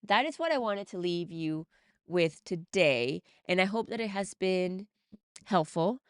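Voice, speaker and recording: A woman's voice: mid-range voice, animated, moderate pace, clear, resonant tone, dry recording, studio quality. A woman podcast host and mindset coach, talking earnestly and encouragingly to her listeners in a motivational monologue. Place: home recording setup in the UK.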